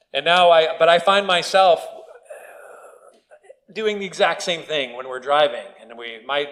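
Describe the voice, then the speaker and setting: A pastor giving a sermon in a church, reading scripture and then preaching in a conversational way with stories from family life. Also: male voice, medium pitch, a bit bright, rough recording.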